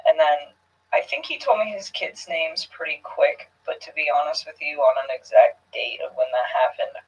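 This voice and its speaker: A woman answering questions in a recorded police interview, hesitant and soft, often trailing off into near-whispers. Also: low-pitched, animated, moderate pace. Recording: muffled, distant room recording.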